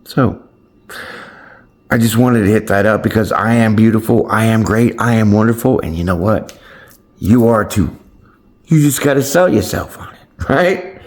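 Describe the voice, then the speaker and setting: A man's voice: fairly low pitch, normal speed, long pauses. A man hosting his own channel, talking casually and encouragingly to his viewers. He speaks in loose, slangy language with some playful swearing, and keeps checking in with "right?" and "my friends.". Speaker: tarot channel host. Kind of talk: casual motivational chat to camera.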